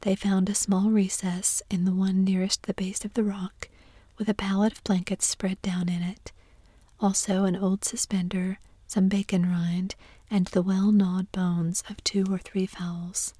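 Woman, whispered role-play, storytelling, breathy, mellow, close mic. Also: medium pitch, measured pace, no room sound. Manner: soft, even whispered reading.

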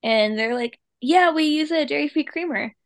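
A woman's voice: high-pitched, moderate pace. A woman guest on a podcast, chatting casually and acting out other people in a mocking tone. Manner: laid-back, acts out quoted people in a mocking tone. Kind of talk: casual chat.

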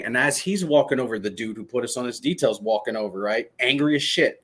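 A man in his thirties from Michigan, a former soldier, telling a story as a podcast guest in an animated, excited way, swearing freely. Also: medium pitch, quick pace. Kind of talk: casual storytelling interview.

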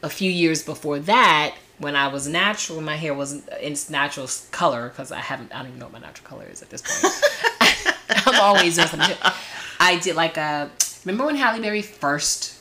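Animated low-voiced woman telling stories. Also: fairly quick. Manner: animated storyteller, laughs often, acts out quotes. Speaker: podcast co-host. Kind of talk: casual chat.

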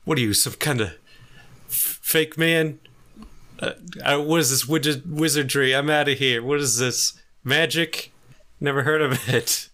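A man's voice: deep voice, fairly even intonation, moderate pace, sharp tone, clear, resonant tone. A man voicing a drunk, rowdy male mugger in a tabletop game, blustering in a raised voice. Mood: flustered.

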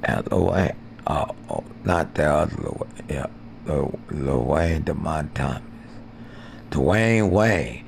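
A man rambling profanely through improvised skits and jokes, now and then jumping into squeaky put-on voices. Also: takes it slowly, gravelly, slight background noise. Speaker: amateur podcaster. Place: porch outdoors.

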